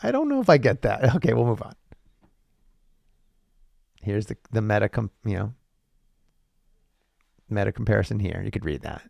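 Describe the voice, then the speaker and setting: A man's voice: fairly low pitch, very animated, normal speed, gravelly, long pauses, a little mellow, no room sound. A man hosting a solo podcast monologue, rambling with profane, sarcastic asides and frequent restarts. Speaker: podcast host.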